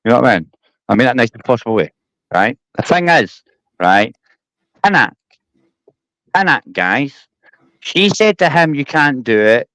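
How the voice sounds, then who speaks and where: A man, a guest on a live stream who argues loudly and mockingly and talks over the others. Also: mid-range voice, very animated, normal speed, long pauses, no echo, poor audio.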